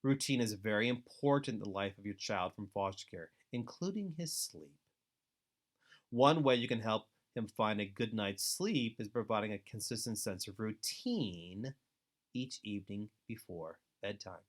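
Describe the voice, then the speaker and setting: A man giving an instructional webinar talk to foster parents, earnest and deliberate, with steady advising emphasis. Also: on the low side. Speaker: foster care trainer.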